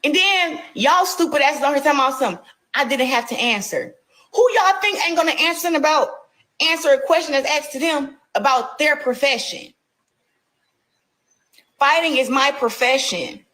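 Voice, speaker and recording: A woman's voice: sits high, normal speed, pushed and bright, rough recording. A woman boxer ranting on a livestream, scolding and confrontational, repeating herself. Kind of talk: heated livestream rant.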